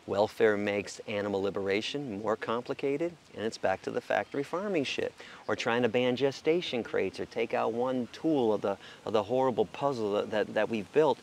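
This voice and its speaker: A middle-aged American man from the United States, a guest in a casual interview, telling stories in an animated, profane way and acting out quotes. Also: medium pitch, a little hiss or hum.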